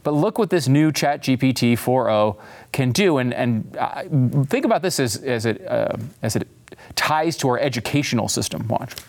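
A man hosting a show with a gravelly edge to his voice. He comments excitedly on a tech demo, rambling and restarting his sentences. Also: mid-range voice, moderate pace. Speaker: host. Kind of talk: casual commentary.

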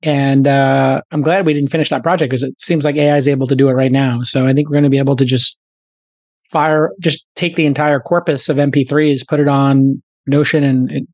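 A man hosting a podcast, riffing quickly in casual chat at a studio mic. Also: medium pitch, little pitch movement, a little mellow, dry recording. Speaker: podcast host.

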